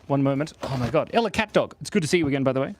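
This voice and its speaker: A man's voice: medium pitch, animated, racing, darkish tone. A man live-streaming himself drawing, chatting playfully and rambling with his viewers from his home in Australia. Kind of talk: casual livestream chat while drawing.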